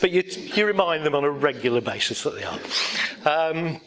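A man's voice: fairly high pitch, expressive, normal speed, crowd noise. A man giving a motivational talk to an audience, blunt and rambling, telling anecdotes with self-deprecating laughs.

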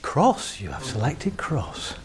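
A man playing the listener's own unconscious mind: a calm, deadpan male voice that takes every word literally. It answers in level, flat announcements. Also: mid-range voice, takes it slowly.

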